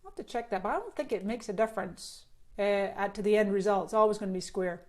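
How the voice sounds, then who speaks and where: Chatty scottish-canadian lady doing a live stream off her phone on a selfie stick, bubbly, mid pitch. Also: fast talker. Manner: bubbly, chatty, answers viewer comments. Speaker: social media marketing host. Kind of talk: casual live stream chat.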